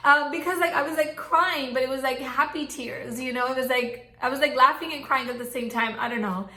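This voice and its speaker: A woman's voice: high voice, brisk, hardly any pauses, pushed and bright. A young pregnant woman vlogging casually to her viewers, chatty and gushing with lots of fillers. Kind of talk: casual chat to camera. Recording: echoey room.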